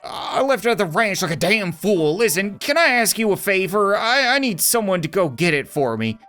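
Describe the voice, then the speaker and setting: A bitter, worn-out young ranch woman, voiced by a man reading game dialogue, speaks low and slow, stumbling over her words. Her pitch rises and falls a good deal despite the heavy mood. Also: big pitch swings, pushed and bright, faint music behind, exaggerated voice. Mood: bitter, grieving. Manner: low, slow, halting with stammers.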